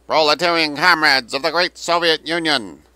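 A man voicing a male agitator who booms pleas across a river through loudspeakers. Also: fairly even intonation, moderate pace, smooth, no room sound, poor audio. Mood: pleading. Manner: booming, pleading oratory.

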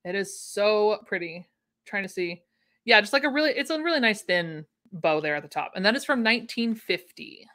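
In a home room, a vintage sewing pattern livestreamer chats enthusiastically and answers viewer comments in a casual way. She speaks at a normal speed in a medium pitch, with lively intonation and a fairly bright tone.

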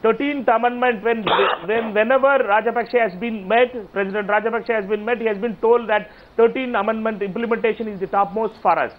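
A man's voice: high-pitched, fairly even intonation, brisk, few pauses. Insistent Indian man on a phone-thin line. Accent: Indian English. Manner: insistent, repeats himself, talks over others. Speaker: member of parliament, panelist. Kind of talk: heated televised political debate. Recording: phone-like remote audio link.

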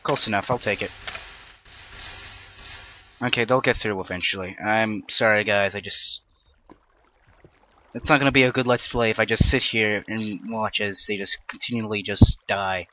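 A man's voice: fairly low pitch, normal speed, long pauses, bright, forceful tone, a little hiss or hum. A young man giving casual, rambling commentary on his own gameplay, self-deprecating and prone to sudden panicked outbursts. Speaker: Let's Play gamer.

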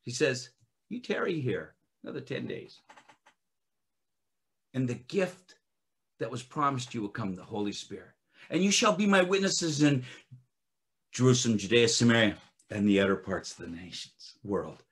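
A man preaching a sermon as a ministry director, swinging from loud emphatic bursts to quiet scripture reading, with frequent restarts. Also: medium pitch, expressive, moderate pace, pauses often. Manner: restarts and filler uh often.

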